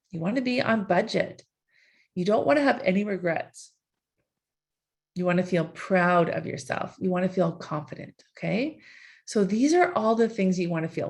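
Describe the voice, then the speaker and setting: A woman's voice: on the low side, lively intonation, moderate pace. A woman life coach leading a live online session, asking repeated coaxing questions in a conversational way.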